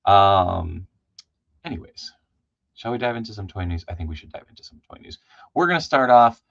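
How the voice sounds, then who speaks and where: A man hosting a casual live stream, chatty and loose, shouting out viewers by name with lots of ums. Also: fairly low pitch, expressive, normal speed, gravelly, dry recording, lo-fi sound. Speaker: livestream host.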